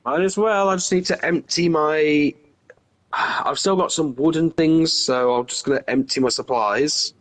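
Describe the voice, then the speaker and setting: A man's voice: on the high side, unhurried, dry recording, poor audio. A man co-playing a farming game on a stream, laid-back and answering in short agreeing replies. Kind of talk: casual gameplay chat.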